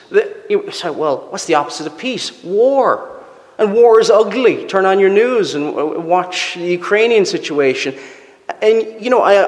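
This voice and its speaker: Earnest male preacher in a reverberant church. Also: high voice. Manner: earnest, emphatic, with rhetorical questions. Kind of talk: sermon.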